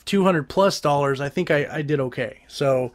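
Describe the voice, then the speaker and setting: A man with a noticeably high voice hosts a casual nerd podcast. He rants with a profane, animated style and exaggerates freely as he reviews a movie. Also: moderate pace. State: briefly out of breath. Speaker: podcast host.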